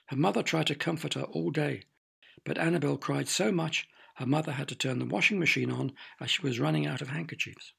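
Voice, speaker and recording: A man narrating a children's storybook with expressive, playful sound effects. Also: a little high, brisk, vocal fry, breathy edge.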